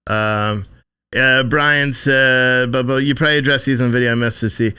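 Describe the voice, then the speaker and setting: Male streamer, bright forceful voice, loose profane chat with viewers, rambling and offhand. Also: medium pitch, fairly even intonation, moderate pace, smooth. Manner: profane, rambling, thanks donors by name. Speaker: livestream host.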